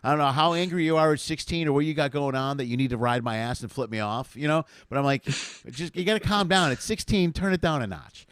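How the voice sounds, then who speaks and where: A man hosting a casual comedy chat, animated and foul-mouthed, acting out little bits as he goes. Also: fairly high pitch, fast talker, few pauses, clean tone, dry recording. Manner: animated, swears freely, acts out bits. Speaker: host.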